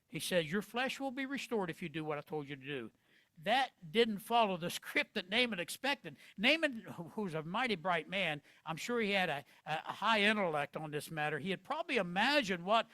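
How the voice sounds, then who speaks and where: A man preaching a sermon as pastor, animated, acting out quoted lines with big swings in loudness. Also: high voice, no room sound.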